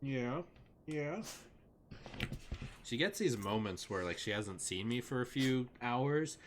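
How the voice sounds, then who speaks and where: A man's voice: medium pitch, expressive, normal speed, slight background noise. A young man chatting casually on a live game stream at his desk at home, rambling with lots of fillers and talking sweetly to his dogs.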